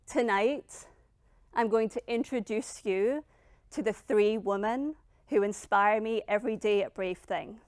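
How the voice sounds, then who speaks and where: A middle-aged woman giving a dramatic motivational speech as a founder, emphatic and blunt, with long pauses. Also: mid-range voice, a little mellow, no echo, studio quality. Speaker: founder and keynote speaker.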